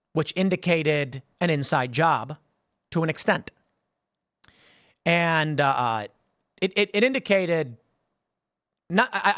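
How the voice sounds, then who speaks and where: A man's voice: fairly high pitch, a bit bright, no room sound, clean studio sound. A man in his thirties hosting a casual commentary show, rambling and repeating words as he thinks. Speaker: host.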